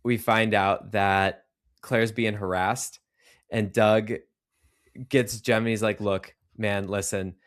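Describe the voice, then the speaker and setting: A man's voice: lowish voice, steady tone, takes it slowly, pauses often. A man co-hosting a movie podcast, chatting casually and enthusiastically retelling scenes. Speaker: podcast co-host. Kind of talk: casual chat.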